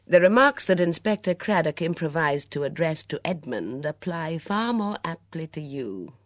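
A woman voicing a sharp-tongued young woman with a crisp, teasing delivery. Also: deep voice, animated, normal speed, dry recording, studio quality. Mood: wry.

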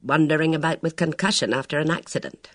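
A reader voicing a reserved, musing police chief inspector in an audiobook. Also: male voice, fast, a bit bright, dry recording, clean studio sound. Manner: low-key, musing.

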